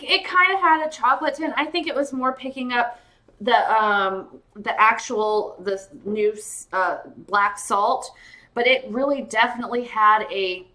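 With a mid-range voice, a woman runs a laid-back jewelry sale on a live stream late at night. She gushes excitedly, greets viewers by name, and sounds both giddy and worn out.

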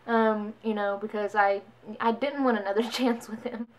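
A young woman talks straight to her viewers in a loose, chatty storytime voice. Her pitch sits a little high, and she jumps into quick impressions of the people in her story. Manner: chatty, animated quoting of others. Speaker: vlogger. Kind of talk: casual storytime.

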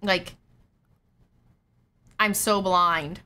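A woman's voice: fairly low pitch, fairly even intonation, drawn-out words, bright, forceful tone, smooth. A young woman streaming a horror game live, panicking, shrieking and swearing as she plays. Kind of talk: live gameplay commentary.

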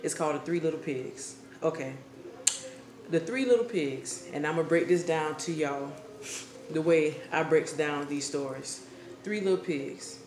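A woman vlogger telling a story in a comic, casual way, slangy and animated, often breaking into laughter. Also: low voice. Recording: echoey room with faint hiss.

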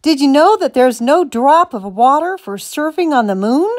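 A woman's voice: high-pitched, animated, normal speed, pitched above the performer's own voice. A woman playing Rob, a patient coaxing farmer. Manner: coaxing, exasperated.

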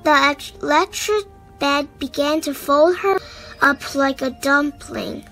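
Very high-voiced woman reading a picture book. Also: slow, fairly bright tone, faint music behind, low-quality recording. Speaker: storyteller.

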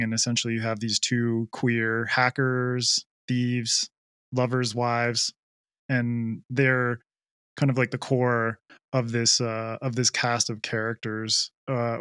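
A man's voice: medium pitch, a bit bright, dry recording, clean studio sound. A male host interviewing an author, laid-back and asking long, winding questions. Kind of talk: casual interview.

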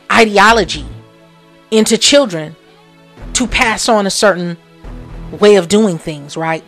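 Woman giving a motivational talk, repeats herself a lot, goes from quiet to loud, soft music behind. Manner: preachy, repeats phrases for emphasis; swings from low murmurs to loud exclamations. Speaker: podcast host.

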